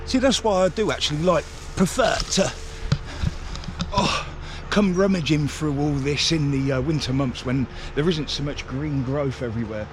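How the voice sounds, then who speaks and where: A man giving chatty, excitable walking commentary to the camera as a railway enthusiast vlogger. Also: a little high, moderate pace. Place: outdoors on a path beside a railway line. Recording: outdoor street noise.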